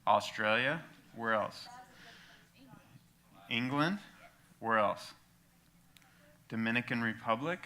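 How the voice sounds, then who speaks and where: A man leading a youth group question session, prompting the room with quick questions. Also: mid-range voice, bright, forceful tone. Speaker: youth pastor.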